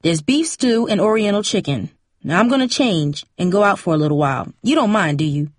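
A woman's voice: mid-range voice, lively intonation, fairly quick, dry recording, clean studio sound, natural voice. A woman voicing an easygoing single mother who soothes her daughter casually. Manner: soothing, casual, endearing "baby".

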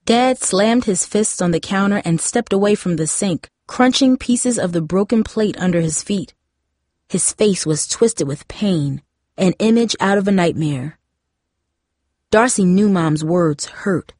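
A woman narrating a chapter book in a steady, measured reading. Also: medium pitch, no room sound, studio quality. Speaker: audiobook narrator. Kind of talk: scripted story narration.

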